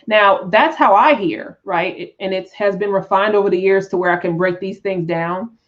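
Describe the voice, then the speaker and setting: A woman teaching tarot on a live stream, talking in an unhurried, reflective way with frequent restarts and "right?" check-ins. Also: medium pitch, dull audio. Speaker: tarot teacher and spiritual coach.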